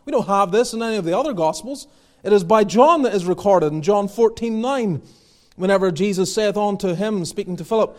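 A man's voice: high-pitched, expressive, moderate pace. A man preaching a sermon, earnest and building to emphatic exhortations, quoting old scripture wording. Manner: earnest, rising to emphatic exhortation, quotes King James scripture.

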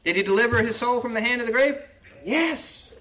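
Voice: mid-range voice, fairly quick, sharp tone. A preacher reading a psalm in old-fashioned wording and explaining it in plain talk, often asking "right?" and rising to a pleading tone when voicing the lament. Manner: often asks the listeners "right?". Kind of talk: sermon.

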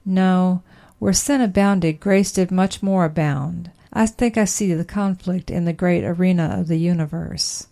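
A woman reading an old sermon aloud in a measured, emphatic preaching manner. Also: on the low side, fairly even intonation, vocal fry, dark tone. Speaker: sermon reader.

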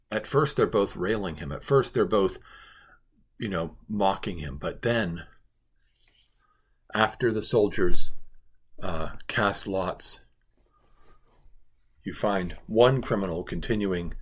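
Male pastor, low husky voice, earnest devotional teaching, emphatic repetition. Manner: earnest, emphatic, repeats phrases for stress.

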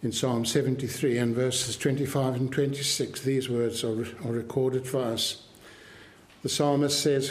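A man preaching a sermon to his congregation with a measured, emphatic delivery. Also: medium pitch, fairly even intonation, reverberant. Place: church.

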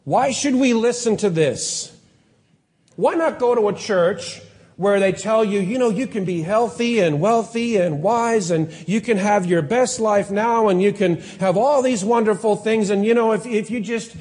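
A man's voice: high voice, measured pace, a little mellow. A man preaching a sermon as pastor, earnest and pleading, in a church. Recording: long hall reverb.

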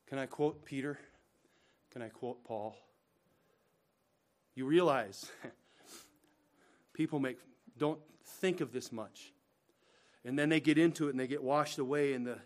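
A man preaching a sermon as pastor, swinging between loud emphatic bursts and hushed, slow asides, and asking listeners rhetorical questions. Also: medium pitch.

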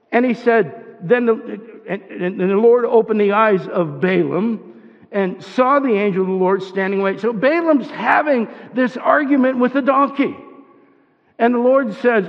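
A man's voice: high voice, lively intonation, normal speed, in a large hall, lo-fi sound. A man giving a conversational sermon, often restarting his sentences and asking his listeners questions. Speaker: preacher.

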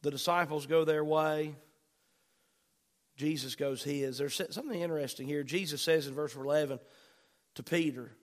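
A man preaching a sermon, repeating key phrases for emphasis and reading scripture slowly. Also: a little high, fairly even intonation.

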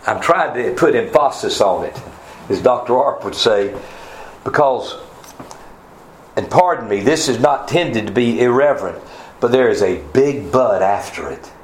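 A man preaching a sermon, fervent, his voice swinging from soft, slow passages to loud, rising emphasis. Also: mid-range voice, expressive, slight background noise. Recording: echoey room with faint ambience.

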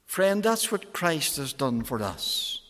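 A man's voice: a little high, big pitch swings, fairly bright tone. Male preacher, emphatic and pleading, long echo of a big hall. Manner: slow, emphatic pleading with soaring and falling phrases. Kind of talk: evangelistic sermon.

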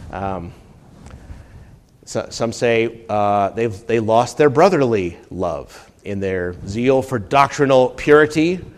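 A male pastor giving a teaching sermon, climbing much higher and louder when he reads quotations and dropping low and quiet on his asides. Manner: teaching tone, rises sharply when quoting, drops low on asides. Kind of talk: expository sermon.

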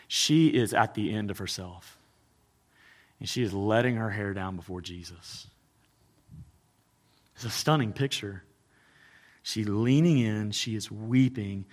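A man preaching a sermon as a pastor, swinging between loud emphasis and hushed intensity. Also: fairly low pitch, a little slow, pauses often, big-room sound.

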